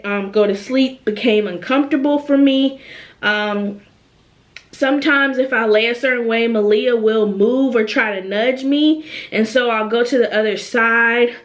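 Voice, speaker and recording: Young woman vlogger, casual and chatty, a bit high-pitched, ends points with "okay?". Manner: chatty, animated, repeats phrases and tags "okay?". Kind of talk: casual chat to camera. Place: at home.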